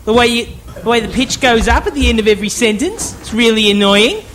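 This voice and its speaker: A woman's voice: on the high side, expressive, fast, close to an everyday voice. A woman doing a brash, smug female stand-up. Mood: mocking. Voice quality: uptalk, brash. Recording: crowd and noisy ambience.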